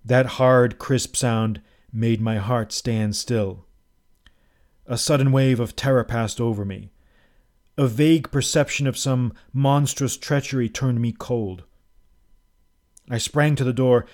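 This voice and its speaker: A man telling a first-person tale in a measured, dramatic reading. His voice sits at an ordinary middle pitch for a man, and the delivery is steady storytelling narration. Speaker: audiobook narrator.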